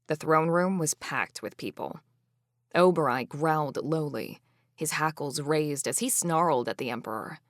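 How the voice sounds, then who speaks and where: A woman narrating a fantasy audiobook in the first person, expressive and indignant. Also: sits low, no echo, clean studio sound.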